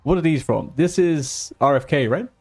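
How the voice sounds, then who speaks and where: A man's voice: fairly high pitch, normal speed, a little mellow, breathy edge, faint music behind. A man live-streaming a game in casual commentary, rambling and muttering to himself with mild swearing and humming.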